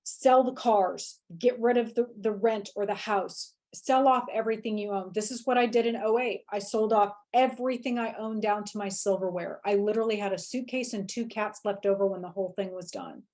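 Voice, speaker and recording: A woman's voice: medium pitch, moderate pace, few pauses, darkish tone. A woman in her forties, a podcast guest, telling a personal story in candid conversation and acting out her own inner voice. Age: 40s.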